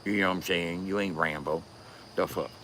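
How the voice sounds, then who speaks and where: A man's voice: deep voice, fairly even intonation, moderate pace, a bit bright, slight background noise. A man giving a casual, profane rant as a commentator, cursing and laughing often.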